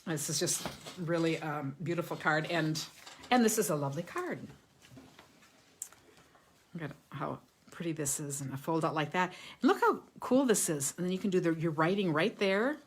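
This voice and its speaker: A woman hosts a live stream about handmade cards, talking casually and warmly to her viewers. Her voice sits a little low, and she laughs often between remarks. She reads viewer comments aloud as she goes. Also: very animated, normal speed, pauses often, a little hiss or hum. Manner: chatty and enthusiastic, laughs often. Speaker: card-making livestream host.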